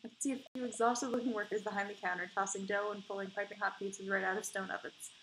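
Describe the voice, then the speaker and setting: Woman doing let's play commentary, mid-pitched, blunt and swears freely, faint hiss. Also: quick pace, low-quality recording. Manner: animated, swears freely, indignant outbursts. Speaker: gamer playing a dating game.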